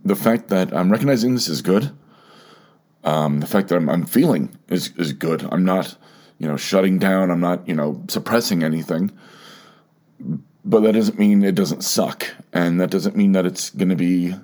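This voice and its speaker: A man with a very low voice hosts a solo podcast, speaking haltingly and often starting over or repeating himself. He sounds emotional and close to tears as he thinks aloud. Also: darkish tone. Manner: halting, repeats words, fillers, openly emotional. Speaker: podcast host.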